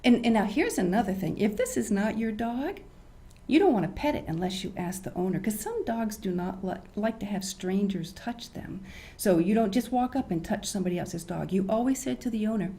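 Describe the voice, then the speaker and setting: An older woman hosting a children's show, teaching young kids in an animated, teacherly way and asking them questions. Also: mid-range voice, gravelly.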